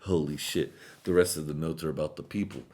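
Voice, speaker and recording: A stoned man hosts a podcast with a very low voice. He rambles and swears through a loose monologue, and his talk keeps drifting and breaking into laughter. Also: steady tone, brisk, darkish tone. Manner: rambling, profane, laughs often. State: high. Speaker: podcast host.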